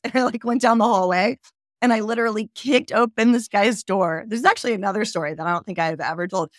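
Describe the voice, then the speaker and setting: A woman's voice: mid-range voice, fast, no room sound, studio quality. A woman from the southern United States, a podcast guest, telling her life story candidly and acting out the dialogue as she goes. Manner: candid, animated retelling with quoted dialogue and laughs. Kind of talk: personal storytelling interview.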